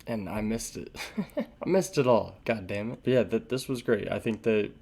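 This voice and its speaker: Gravelly low-voiced man reacting to music. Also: moderate pace, a little mellow. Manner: enthusiastic, rambling, swears casually, laughs often. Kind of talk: casual album reaction commentary. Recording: music playing in the background.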